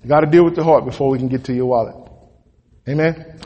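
A man preaching a sermon in a church, folksy and emphatic, with sudden loud peaks. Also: medium pitch, fast talker, breathy edge, highs cut off. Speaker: pastor. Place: church sanctuary. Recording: long reverb of a church hall.

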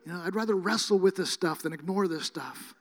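Male preacher, high voice, rambling casual storytelling, lots of fillers, bursts of emphasis. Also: fairly quick. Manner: emphatic, rises to near shouting at times. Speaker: guest preacher. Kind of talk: sermon.

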